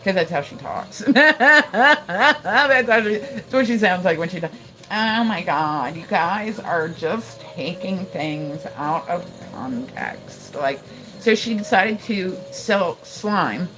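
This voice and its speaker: Woman, live streamer, casual chat, rambling, laughing, swearing, slightly low voice. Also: expressive, slow, a crowd in the background, poor audio. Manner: rambling, laughing, frequent profanity and fillers.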